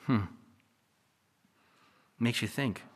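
A male pastor preaching a sermon, building to emphatic peaks and then dropping to quiet, confiding asides. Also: medium pitch, very slow. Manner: preachy, rises to near-shouting then drops to a hush.

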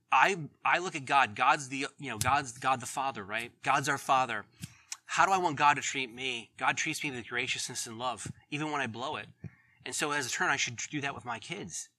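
Bright-voiced man preaching casually. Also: medium pitch. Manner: conversational, earnest, laughs at his own stories. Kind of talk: sermon.

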